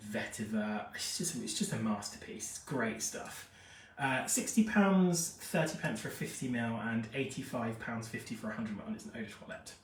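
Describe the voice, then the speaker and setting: A man hosting a live fragrance review, chatty and gushing, reading out viewer comments while feeling unwell. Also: medium pitch. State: unwell after a jab, feverish. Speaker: fragrance expert host. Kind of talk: live-stream product review chat. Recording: echoey room, mic at a distance.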